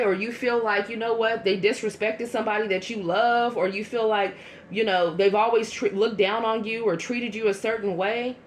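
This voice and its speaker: A woman giving a casual tarot reading to her viewers, chatty and blunt, with quick asides. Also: fairly high pitch, slight background noise. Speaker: tarot reader.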